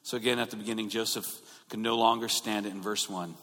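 A man's voice: fairly low pitch, fast talker. Male pastor preaching in a reverberant hall. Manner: informal, repeats and restarts words, grows more animated. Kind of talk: sermon.

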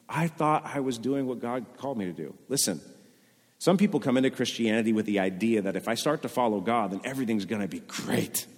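Man preaching in an echoing hall. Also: medium pitch. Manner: conversational preaching with rising emphasis and acted-out inner voices. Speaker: pastor. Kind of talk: sermon. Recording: long reverb of a large hall.

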